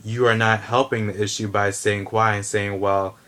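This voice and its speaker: A man's voice: lowish voice, flat delivery, normal speed, a bit bright. A man giving a heated, blunt opinion rant to camera, swearing and restarting his sentences. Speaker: vlogger.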